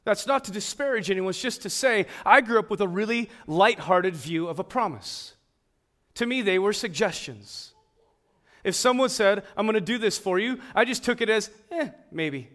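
A man preaching a sermon, swinging between emphatic, raised passages and quiet, hushed ones. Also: sits high, expressive, moderate pace. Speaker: pastor.

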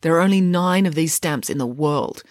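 A woman voicing a sharp, clever schoolgirl detective who explains things confidently. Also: low-pitched, normal speed, no room sound, studio quality, lightly acted. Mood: explaining.

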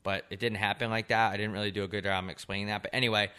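A man's voice: on the low side, very fast, clean tone. A young man co-hosting a podcast, telling rambling, profane stories in casual chat. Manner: rambling, profane, animated storytelling. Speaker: podcast co-host.

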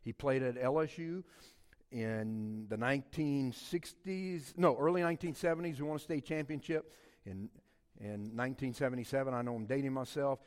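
A middle-aged man from Louisiana preaching a sermon and telling personal stories, swinging from quiet, low passages to loud, passionate peaks. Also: normal speed, big-room sound.

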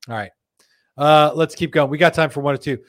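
The host here has a fairly high voice and a brisk pace, with no echo in the recording. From a company studio he runs a laid-back live chat show, cracking jokes while reading out comments from viewers.

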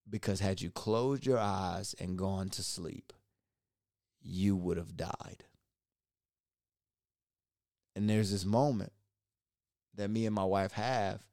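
A man hosting a podcast, lively as he retells a personal story and repeating words when excited. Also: mid-range voice, no echo, clean studio sound. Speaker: podcast host.

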